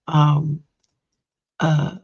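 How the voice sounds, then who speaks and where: A woman's voice: low voice, completely flat delivery, extremely slow, a little mellow, breathy edge. A woman doing a live-streamed card reading as a tarot reader, chatty and greeting viewers by name. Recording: dull lo-fi sound.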